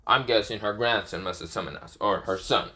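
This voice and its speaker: A man voicing a proud, wise male lion spirit from a fan story, spoken plainly and calmly. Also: lowish voice, a little fast.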